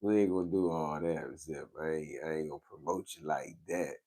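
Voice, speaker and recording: A man's voice: a bass voice, fairly even intonation, brisk, mellow. A man, a little tired, chatting casually on his livestream in laid-back slang and answering viewers over a microphone he wears. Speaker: livestream host. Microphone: wearing a microphone.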